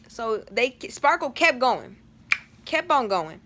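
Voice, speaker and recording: A woman's voice: mid-range voice, expressive, unhurried, vocal fry, a bit bright, raised voice, slight background noise. A teenage girl telling a storytime vlog in a chatty, dramatic way, full of slang and fillers. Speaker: vlogger.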